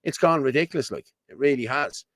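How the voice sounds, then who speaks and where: A man's voice: medium pitch, expressive, a little fast, a bit bright, no room sound, clean studio sound. An Irish man hosting an online commentary show, talking bluntly and rambling, repeating his points. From Ireland. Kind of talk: casual ranting commentary to camera.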